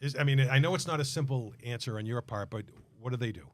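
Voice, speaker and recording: Animated male sports show host. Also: mid-range voice, fast. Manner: animated, exasperated, laughs often. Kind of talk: live sports talk panel.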